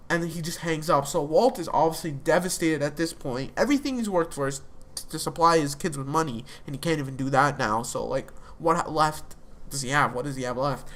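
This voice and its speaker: Brisk and medium-pitched, a young adult runs through a TV episode recap as a reviewer. The talk is casual and meandering, with plenty of fillers and restarts.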